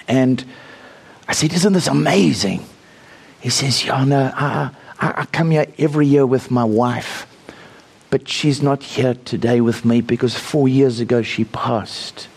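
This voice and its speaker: Gravelly preacher. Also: male voice, medium pitch, darkish tone. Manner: storytelling, prays aloud with rising fervor. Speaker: visiting preacher. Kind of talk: sermon.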